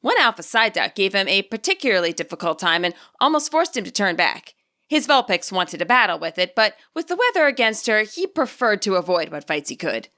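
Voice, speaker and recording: Woman storyteller, expressive reading, bright tone. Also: mid-range voice, fairly quick. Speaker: narrator and channel host. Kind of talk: storytelling narration.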